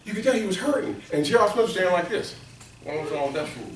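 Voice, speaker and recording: A man's voice: fast talker, recorded from a distance, heavy background noise. A middle-aged man presenting a workplace training seminar to a live room, telling stories and asking the audience questions. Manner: storytelling, asks the audience questions, acts out quotes in a high excited voice. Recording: echoey room, speaker away from the mic.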